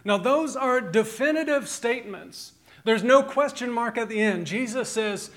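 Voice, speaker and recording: A man in his thirties delivers a sermon in a notably high voice. He talks with animation, swinging from quiet, low asides to loud, emphatic peaks. He also weaves in humorous stories from family life. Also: moderate pace. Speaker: pastor.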